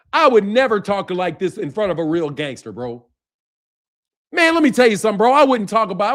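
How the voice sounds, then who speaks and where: Heated, mocking man ranting about boxing. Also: high-pitched. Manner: heated, mocking, profane, laughs between lines, repeats "bro". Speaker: boxing channel host. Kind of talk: mocking rant to camera.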